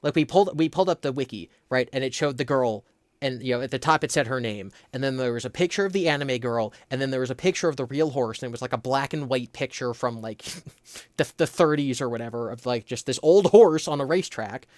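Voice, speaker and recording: A man hosting a casual livestream, telling a story with animated energy and quick put-on voices. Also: medium pitch, dry recording, clean studio sound. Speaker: host.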